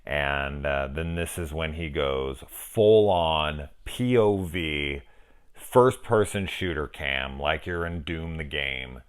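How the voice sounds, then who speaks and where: A man's voice: very deep voice, slow pace, clean tone. A man in his forties talking casually and enthusiastically about a movie, rambling, restarting and swearing as he goes. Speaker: film reviewer. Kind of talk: casual review monologue.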